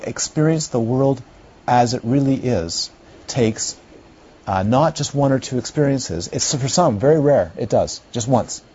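A man's voice: mid-range voice, warm tone, husky. A middle-aged man teaching a class on Buddhist philosophy in a rambling, conversational way, often checking whether his listeners follow. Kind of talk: lecture to a class. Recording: dull lo-fi recording.

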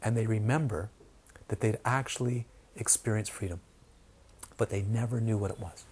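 A man gives a dharma talk teaching meditation, his voice on the low side, steady, a little mellow, with a breathy edge, at normal speed. He repeats key words for emphasis and sometimes drops to a whisper when quoting.

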